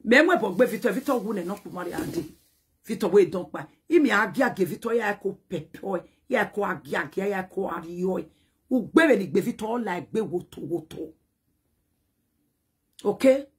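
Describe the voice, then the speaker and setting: An older woman with a Nigerian Pidgin accent, ranting to camera about herself in a boastful, animated way that bursts into shouts. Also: mid-range voice, normal speed, slightly rough. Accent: Nigerian Pidgin English.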